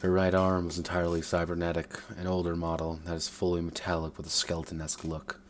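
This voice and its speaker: A man's voice: deep voice, monotone, quick pace, a little hiss or hum. A man reading his own first-person story aloud, sometimes stumbling and rereading phrases.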